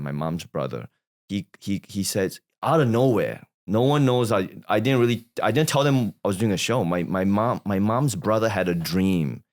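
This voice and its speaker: A man with a very low voice, talking as a guest in a casual conversation. He tells a family story, jumps into quoted voices and restarts his sentences as he goes. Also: a little mellow. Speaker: guest comedian.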